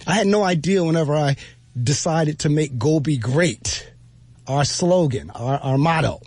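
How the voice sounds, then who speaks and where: A man's voice: fairly high pitch, measured pace, a little mellow, no room sound. A man giving an earnest spoken reflection, emphatic and repeating his phrases for weight. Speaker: speaker giving a motivational talk.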